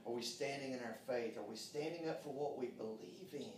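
A man preaching a sermon, fervent, calling out amen and dropping to hushed tones. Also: mid-range voice, brisk, slight background noise. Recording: echoey room, mic far off.

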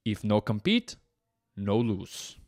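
Man doing a deadpan broken-English brute competitor. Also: fairly low pitch, takes it slowly, no echo, studio quality, full character voice. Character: blunt Kazakh swimmer-wrestler, grimly single-minded.

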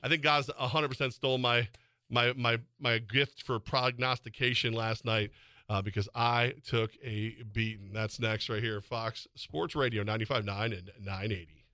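A man in his forties hosting a sports radio show, teasing his co-host and telling animated stories in casual banter. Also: medium pitch, moderate pace, dry recording. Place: radio studio. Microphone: studio microphone.

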